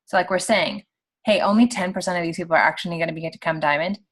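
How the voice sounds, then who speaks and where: A woman in her thirties giving a casual, animated pep talk to her team on a video call. She talks quickly and fills her speech with "like.". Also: fairly low pitch. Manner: chatty and animated, heavy use of "like". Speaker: team leader on a sales call.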